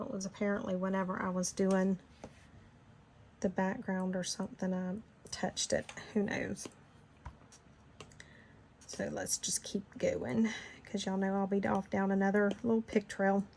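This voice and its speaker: A woman's voice: mid-range voice, little pitch movement, normal speed, a little mellow, a little hiss or hum. A middle-aged woman with a Southern Georgia accent, chatting casually and rambling while she leads a design tutorial. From Florida. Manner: chatty, rambling, laughs easily. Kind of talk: casual screen-recorded tutorial chat.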